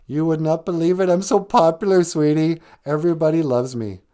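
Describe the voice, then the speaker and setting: A man's voice: medium pitch, expressive, normal speed, dark tone, clean tone, lightly acted. A man voicing a vain, bubbly popular teenage girl who gushes about herself. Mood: gushing. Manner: gushing, self-satisfied.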